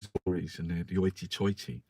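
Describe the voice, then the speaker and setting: A man's voice: low voice, flat delivery, moderate pace, warm tone, slightly rough, dry recording. A man who reviews the newspapers in an angry, profane political rant. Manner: angry, profane, swears constantly.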